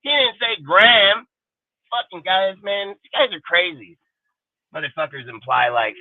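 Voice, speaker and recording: A man's voice: on the high side, a little slow, no echo. A man ranting about football in a fired-up, profane, repetitive way, as co-host of a live sports show. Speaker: podcast co-host. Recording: dry, tinny phone-like audio.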